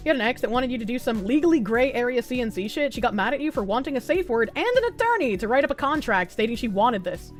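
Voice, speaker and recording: A woman's voice: fairly high pitch, big pitch swings, faint music behind. A woman from Boston with a Boston accent, streaming and chatting casually with viewers in a loose, profane way. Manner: loose, profane, quick to laugh. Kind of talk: casual chat reading viewer comments.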